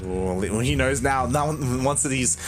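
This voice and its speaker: A man's voice: mid-range voice, unhurried, music in the background. A man co-casting a live strategy game match, giving laid-back analysis with frequent laughing asides. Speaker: esports co-caster.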